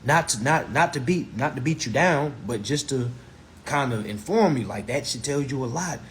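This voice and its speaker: A man's voice: mid-range voice, animated, moderate pace, a little hiss or hum. A man giving a casual live-streamed teaching, emphatic and repetitive, with rhetorical questions and blunt profanity.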